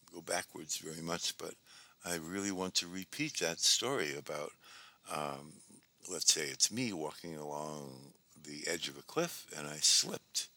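A man giving a reflective, measured talk on recovery, with pauses and fillers. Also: low-pitched, gravelly, sharp tone, no room sound. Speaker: speaker on twelve-step recovery.

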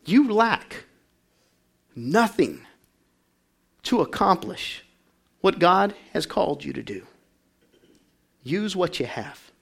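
A man preaching a lively sermon in a high voice. He drops to near a murmur and then climbs to full shouts. He keeps calling on the congregation to answer back. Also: slow, creaky, pauses often, slightly rough. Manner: swings from quiet to shouting, call-and-response. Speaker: pastor.

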